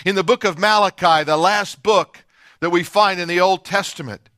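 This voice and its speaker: A man preaching a sermon in a high, ringing voice. He moves between forceful declarations and soft, hushed passages. The sound is dry and close. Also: moderate pace, no echo. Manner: preaching with dramatic swings from loud to hushed. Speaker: pastor.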